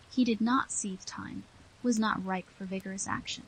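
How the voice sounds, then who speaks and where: A woman narrating a classic novel in the first person, with a steady, somber reading. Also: mid-range voice, moderate pace, a little hiss or hum, low-quality recording. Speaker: audiobook narrator.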